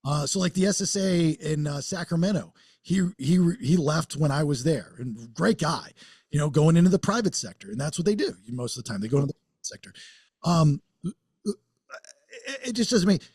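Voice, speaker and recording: High-voiced husky man, ranting. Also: lively intonation, a little fast, a little mellow, dry recording, clean studio sound. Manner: rambling, restarts mid-thought, ranting. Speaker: podcast co-host. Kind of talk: casual chat.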